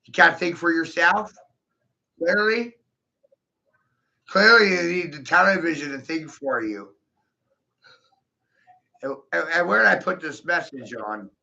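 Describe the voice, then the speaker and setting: Gravelly, profane man ranting hard. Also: on the high side, a little slow, long pauses. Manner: profane, aggressive, repetitive, shouting bursts. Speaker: monologuing video host. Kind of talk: ranting monologue to camera. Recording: dull lo-fi recording.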